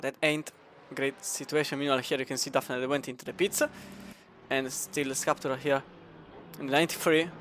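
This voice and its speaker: A man's voice: medium pitch, level tone, brisk, a bit bright, a little hiss or hum. A man with an Italian accent commenting live on a sim racing endurance event. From Italy. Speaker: race commentator.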